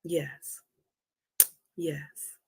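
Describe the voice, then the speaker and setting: A woman hosting a motivational livestream, speaking softly and slowly with a Southern American touch, often dropping to a whisper. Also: low voice, little pitch movement, gravelly, a little hiss or hum. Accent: American, Southern country touch. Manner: soft, slow and prayerful, often dropping to a whisper. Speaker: livestream host.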